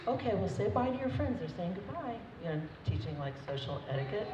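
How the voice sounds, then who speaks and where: A woman's voice: mid-range voice, big pitch swings, fast. Chatty mother toasting at a wedding. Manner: chatty, laughing, emotional. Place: wedding reception hall. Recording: echoey dull hall recording from far off, crowd noise.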